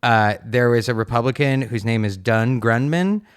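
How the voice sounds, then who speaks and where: A man with a smooth, resonant voice riffs through a casual reaction stream. He swears freely and circles back with filler words, his pitch sitting in a middle range. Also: normal speed. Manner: profane, emphatic, rambling with many fillers. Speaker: streamer host.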